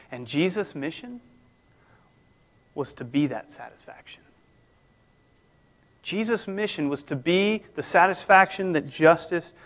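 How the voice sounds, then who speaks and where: Man preaching a sermon, loud and hushed by turns. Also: on the high side. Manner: conversational preaching with sudden loud and hushed swings. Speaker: pastor.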